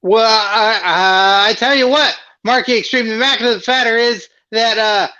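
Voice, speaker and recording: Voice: medium pitch, normal speed, sharp tone, lo-fi sound, natural voice. A performer voicing a naive, childlike wrestling sidekick who rambles earnestly and turns weepy. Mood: rambling. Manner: rambling and earnest, tearful at times. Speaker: sidekick co-host. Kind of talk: comedy wrestling sketch.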